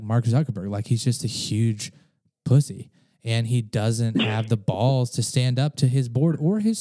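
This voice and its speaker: A man's voice: mid-range voice, dark tone, dry recording. A man hosting a podcast, talking casually, laughing often and swearing freely. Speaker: podcast host. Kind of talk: casual conversation.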